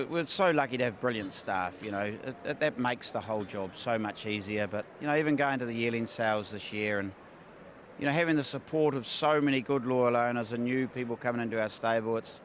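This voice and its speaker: Candid New horse trainer. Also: male voice, mid-range voice, a little hiss or hum. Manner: candid, halting, many fillers and restarts. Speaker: racehorse trainer. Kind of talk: casual post-race interview. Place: outdoors at a racecourse.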